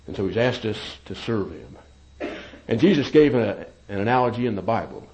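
A man preaching a sermon, emphatic, with loud peaks and quiet asides. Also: fairly low pitch, lively intonation, brisk, lo-fi sound.

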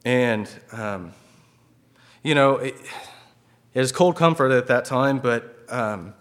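A man's voice: mid-range voice, lively intonation, slow pace, fairly bright tone. A man sharing a personal testimony at church in an earnest, conversational way, with many fillers and restarts.

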